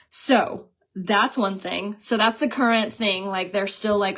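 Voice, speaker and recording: A young woman talks straight to her viewers in a casual vlog. She tells a story with lively, mocking asides and puts on voices for the people she quotes. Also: mid-range voice, measured pace. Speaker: beauty vlogger.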